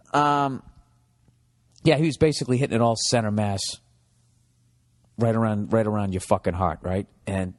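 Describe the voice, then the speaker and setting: Man, 40s, from the US, podcast host, profane riffing monologue, middle pitch, long reverb. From United States.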